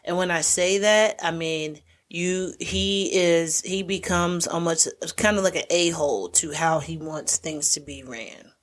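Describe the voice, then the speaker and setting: A podcast co-host casually recaps a movie's plot, telling it animatedly and acting out the characters' quoted lines. She speaks unhurriedly in a fairly low voice, with hardly any pauses.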